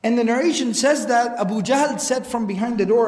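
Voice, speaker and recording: A man's voice: extremely high pitch, brisk, darkish tone. A man preaching a sermon, retelling old narrations with emphatic repetition and reciting Arabic quotations between English explanations. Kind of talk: sermon storytelling. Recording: echoey hall with long reverb.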